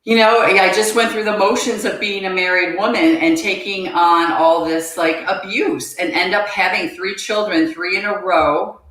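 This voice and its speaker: A woman guest on a podcast, telling her personal story in an earnest, halting way and repeating words as she goes. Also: medium pitch, steady tone, fairly bright tone. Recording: very echoey room.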